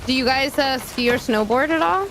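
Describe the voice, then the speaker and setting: A woman's voice: high voice, normal speed, fairly bright tone, slight background noise. A woman from Virginia chatting bubbly on a game stream, exclaiming and giving directions. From Virginia, USA. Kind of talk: casual gaming stream chat.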